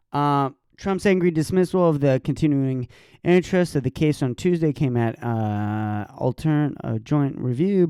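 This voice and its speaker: Profane, mocking young podcast ranter. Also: male voice, medium pitch, clear, resonant tone, no echo, clean studio sound. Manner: profane, mocking, sarcastic rant with sudden shouts. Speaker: podcast host. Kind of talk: solo podcast rant.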